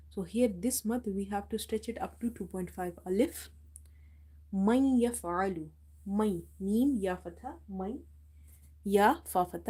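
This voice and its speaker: A woman teaching Quran recitation in a live lesson, reciting verses slowly, repeating them and calmly explaining each rule. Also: mid-range voice, husky.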